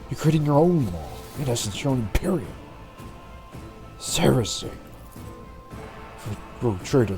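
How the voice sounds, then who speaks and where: A man's voice: on the low side, lightly acted. A man reading the lines of a stern female rogue trader judge in a formal, declamatory way, in his own voice. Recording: background game music.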